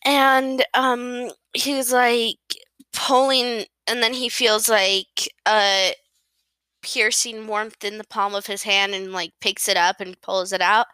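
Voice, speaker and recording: Giggly, bright-voiced woman. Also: fairly high pitch, little pitch movement, takes it slowly, clean tone, no echo. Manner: giggly, self-deprecating, apologetic. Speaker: podcast host recapping a novel. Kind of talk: casual rambling book recap.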